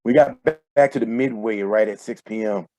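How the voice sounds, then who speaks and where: A man reading his own first-person fiction aloud in a steady, measured way over a video call. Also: lowish voice, no echo. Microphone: computer mic on a video call.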